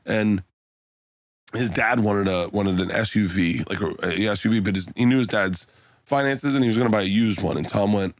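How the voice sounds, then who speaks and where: With a fairly low voice at a moderate pace, a middle-aged comedian on a podcast spins a rambling tale, cursing freely and performing the other people's dialogue. The recording is dry and studio-clean.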